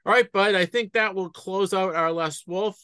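A man with a Boston accent co-hosting a casual podcast, animated, with frequent restarts. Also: sits high, moderate pace, clear, resonant tone, no echo. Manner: animated, stumbling restarts, laughs easily. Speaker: podcast co-host. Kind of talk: casual chat.

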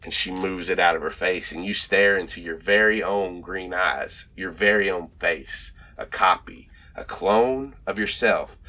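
A man narrating a tabletop horror game as game master, describing a transformation slowly with many fillers and pauses. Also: low-pitched, bright, forceful tone.

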